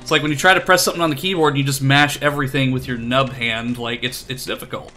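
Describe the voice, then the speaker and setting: A man's voice: medium pitch, fairly even intonation, fast, sharp tone, soft background music. A man streaming a video game, chatting casually in a rambling, self-deprecating way with lots of fillers. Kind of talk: casual chat while playing.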